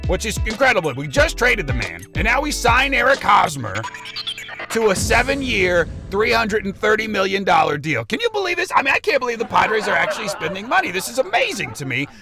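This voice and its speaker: A man's voice: high voice, wildly swooping pitch, fairly quick, over music, heavily acted. Man playing Dozer, blustering radio bro. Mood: ranting. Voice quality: loud, blustering, ranting. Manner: swaggering, repeats himself, asks "okay?" and "all right?". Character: brash boastful macho sports-talk radio host, man. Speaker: sports radio host. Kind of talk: comedic radio rant.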